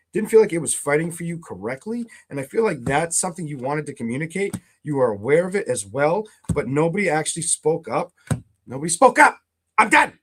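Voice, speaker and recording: A fairly high-voiced man giving a tarot reading, blunt and worked up, with swearing all through his talk. A faint hiss sits under his voice. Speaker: tarot reader. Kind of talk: tarot reading for zodiac signs.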